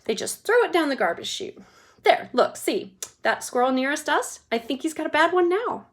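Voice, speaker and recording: A woman doing an excitable eccentric candy maker. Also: high voice, pitched above the performer's own voice. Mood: explaining. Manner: brisk, theatrical, impatient.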